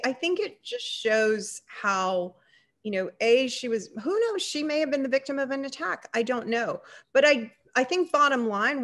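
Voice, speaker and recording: A woman on a video-call panel recounts a personal encounter, her voice a touch high. She tells it vividly, slipping into the voices of the people in the story as she goes. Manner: animated storyteller who acts out the dialogue.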